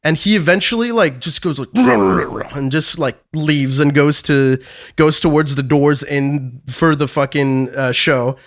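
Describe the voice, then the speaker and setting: Man, slightly high voice, casual storytelling, swears a lot, rambles with restarts. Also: unhurried. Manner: profane, rambling anecdote with restarts. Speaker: podcast co-host.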